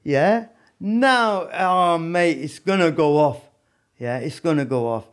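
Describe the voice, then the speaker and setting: A man with a high voice tells his story as a podcast guest. He talks in an animated, casual way and keeps checking in with his listener. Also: takes it slowly, smooth. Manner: animated, peppered with "you know what I mean". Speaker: podcast guest, former prisoner.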